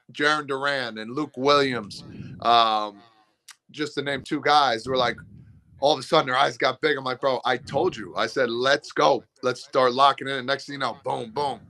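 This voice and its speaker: A man in his thirties, a former ballplayer, telling lively stories in a casual interview and acting out what he said to teammates. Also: medium pitch. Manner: animated, acts out pep talks. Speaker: former baseball player, guest.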